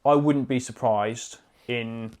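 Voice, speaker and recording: A man's voice: mid-range voice, fairly even intonation, slow, a little mellow. A man co-hosting a podcast, casual chat, joking and swearing as he acts out voices. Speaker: podcast co-host.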